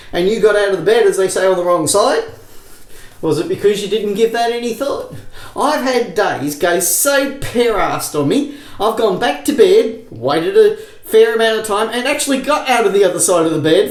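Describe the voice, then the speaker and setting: A man's voice: sits high, reverberant, poor audio. A man hosting a casual shaving demonstration, rambling with jokey self-mocking asides. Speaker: shaving video host.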